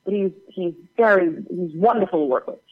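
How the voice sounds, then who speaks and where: A woman's voice: lowish voice, brisk. Lady guest spinning chatty stories, lotsa um and like, kinda muffled lo-fi audio. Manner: animated, chatty anecdote-telling with many fillers. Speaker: guest actor. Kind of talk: casual interview storytelling.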